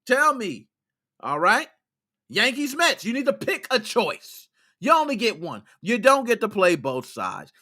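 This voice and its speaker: A man's voice: very high-pitched, sing-song, unhurried, bright, forceful tone. A man hosting a gaming podcast, ranting in a heated, exasperated way, scolding his listeners in casual slang with plenty of cursing. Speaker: podcast host.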